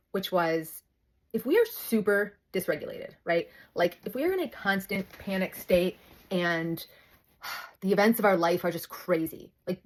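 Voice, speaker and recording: A woman in her thirties, a bit out of breath, talking chattily into her phone, breaking off and restarting her sentences. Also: medium pitch. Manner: chatty, self-interrupting, animated storytelling. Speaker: host. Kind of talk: casual talk to camera. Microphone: phone held close.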